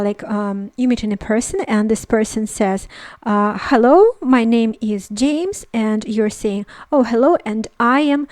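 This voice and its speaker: A woman whose first language is Russian teaches a language lesson in English, explaining slowly with many fillers and repeating each phrase. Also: mid-range voice, a little mellow, no echo.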